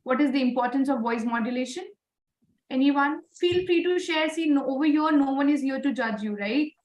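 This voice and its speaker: A woman's voice: sits high, moderate pace, reverberant, distant mic, slight background noise, low-quality recording. A woman leading an online class, encouraging students and often asking "right?". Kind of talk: live webinar teaching.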